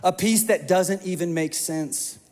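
A man preaching a sermon as pastor, an animated storyteller who acts out the quoted voices. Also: sits high, a little slow. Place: church hall. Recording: long hall reverb.

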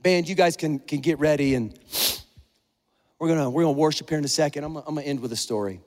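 Middle-aged male pastor, high voice, earnest and emotional sermon delivery, heard in a reverberant church hall. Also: fast, a little mellow. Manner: emotional, earnest, conversational preaching.

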